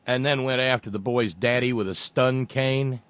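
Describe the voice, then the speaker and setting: A man's voice: medium pitch, moderate pace, fairly bright tone, no room sound. A man with a Southern American accent delivering a profane, sarcastic political rant as a commentator. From Southern United States. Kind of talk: monologue rant.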